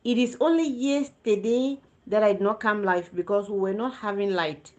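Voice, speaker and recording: A woman's voice: medium pitch, normal speed, dull audio. A woman nurse hosting a casual livestream, reading viewer comments aloud and answering them with chatty repetition. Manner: chatty, repeats words for emphasis. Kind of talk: casual live-stream chat.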